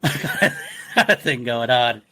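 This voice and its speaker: A man chats as co-host of a casual film podcast, his voice slightly husky yet bright. He talks with real enthusiasm, laughs easily, and tosses in quoted lines as he goes. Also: medium pitch, lively intonation, drawn-out words.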